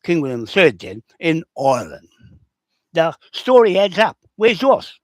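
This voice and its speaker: Combative New man, lively high voice. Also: a little slow, no room sound. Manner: rough, confrontational, repeats himself. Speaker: livestream host answering comments. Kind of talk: rambling, combative livestream talk.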